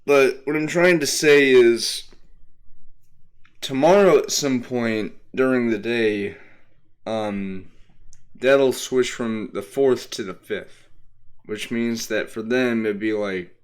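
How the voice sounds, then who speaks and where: A man's voice: mid-range voice, slow pace, clear, resonant tone. A young man from Texas, streaming a game and chatting casually, rambling and answering his chat with plenty of fillers. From Texas, USA.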